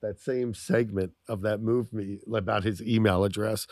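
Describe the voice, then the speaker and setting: Excitable man telling crude stories, dry sound. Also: on the low side, normal speed, no echo. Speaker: podcast co-host. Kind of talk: casual chat.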